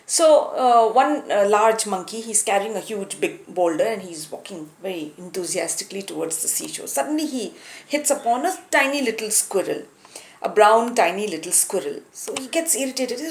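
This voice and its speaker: A woman telling a moral story as a lesson, in a warm, unhurried way with some hesitation, recorded in a room with a roomy echo. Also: mid-range voice, expressive, a little hiss or hum. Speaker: storyteller, teacher.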